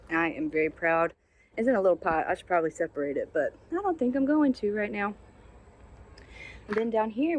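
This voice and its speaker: A woman hosting a casual houseplant tour outdoors, chatty and gushing, quick to poke fun at her own plant care. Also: lowish voice, darkish tone, husky. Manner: chatty, gushing and self-deprecating. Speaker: plant channel host. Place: outdoors on a sunny day.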